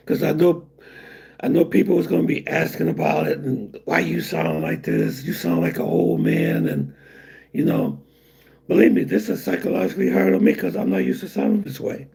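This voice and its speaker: Raspy, gravelly-voiced man chatting. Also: fairly high pitch, mellow. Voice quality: raspy, breathy, weak voice. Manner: rambling, halting, many fillers. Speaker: livestream host reading chat. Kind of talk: casual livestream chat.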